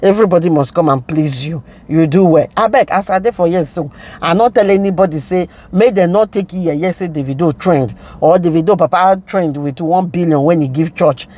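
A woman's voice: on the low side, brisk, hardly any pauses, warm tone. A woman with a Nigerian accent ranting to her viewers in a casual vlog, preachy and scolding. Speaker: vlogger. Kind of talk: casual commentary rant to viewers.

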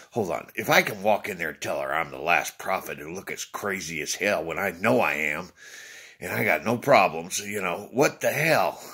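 Tired, husky man rambling to viewers. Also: deep voice, fairly bright tone. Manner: rambling, swears freely, acts out quoted exchanges. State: tired from little sleep. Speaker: vlogger addressing viewers. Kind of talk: rambling casual monologue.

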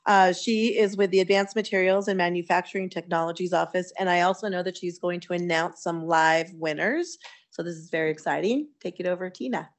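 A woman moderating an online event, briskly introducing the next speaker. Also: fairly low pitch.

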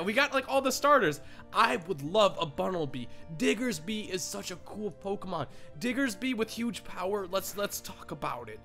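Excitable high bright young gamer guy. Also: fairly quick. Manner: excitable, rambling, many "like"s. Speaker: gaming YouTuber. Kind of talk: casual let's play commentary. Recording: game music underneath.

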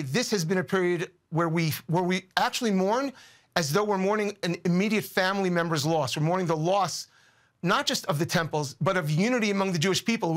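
A man's voice: high voice, a bit bright. A man speaking as a guest commentator in a news interview, earnest and emotional, often repeating words as he searches for them.

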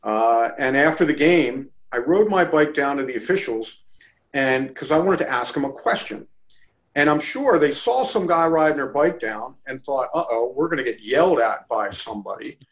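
This interview guest, a lacrosse official from the Baltimore area, has a medium-pitched voice at normal speed, though the audio is poor. The conversation is casual. He narrates animatedly and voices the quotes himself.

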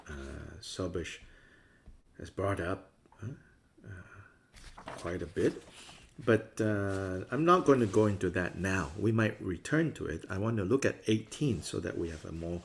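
A man's voice: low-pitched, animated, unhurried, gravelly, slight background noise. A man teaching a Buddhist class in a conversational way, often acting out the views he discusses with playful voices. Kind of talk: dharma class lecture.

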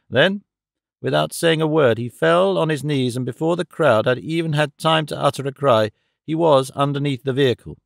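A man reading a classic novel aloud as audiobook narrator, in a measured, steady way. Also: medium pitch, vocal fry, dry recording, clean studio sound. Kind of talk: scripted narration.

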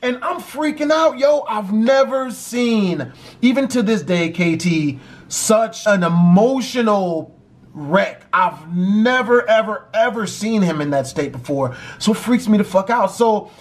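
High-voiced male vlogger, animated storyteller, swears constantly. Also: measured pace. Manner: animated, heavy cursing. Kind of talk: storytime vlog.

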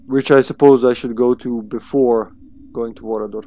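A man's voice: medium pitch, fairly even intonation, normal speed, dark tone. A man streaming a game live, chatting casually with viewers and swearing freely as he plays. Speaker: livestream gamer. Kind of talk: casual live gameplay commentary.

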